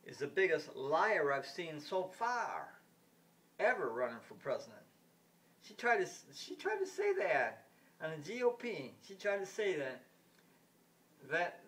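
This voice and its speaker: A man's voice: fairly high pitch, fairly bright tone, recorded from a distance. A man rambling in a casual monologue, blunt and indignant, repeating himself with many restarts and the odd swear word. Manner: rambling, repetitive, lots of restarts and stumbles. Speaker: vlogger giving political opinions.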